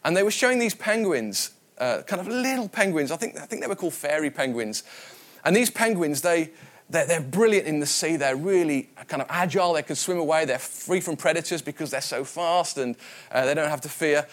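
A man's voice: fairly high pitch, animated, fairly quick. A man from the West Midlands preaching a sermon, telling personal stories in a conversational way and often repeating his words. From West Midlands, England. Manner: conversational and anecdotal, with frequent repetitions.

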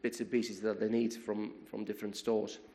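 A man preaching a sermon, retelling a story in a lively way, often repeating words and restarting his sentences. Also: fairly low pitch, moderate pace, vocal fry.

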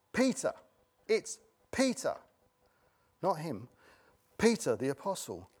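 A man's voice: on the high side, a little mellow. A middle-aged man preaching a sermon, emphatic and repeating key words for stress.

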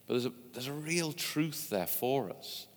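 A man's voice: medium pitch, animated, a little slow. A man preaching a sermon, telling stories in a conversational way with asides to his listeners. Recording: long hall reverb.

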